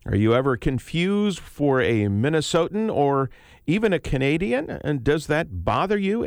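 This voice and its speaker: A man hosting a public radio morning show, interviewing guests in a relaxed, hesitant way with many fillers. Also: a little high, moderate pace, dry recording, clean studio sound. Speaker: radio host. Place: radio studio.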